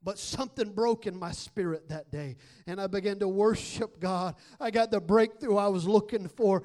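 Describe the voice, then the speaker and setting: A man with a high-pitched voice preaching at a rally. He tells his story conversationally, then rises into loud, shouted exhortation. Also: normal speed, few pauses. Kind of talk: sermon.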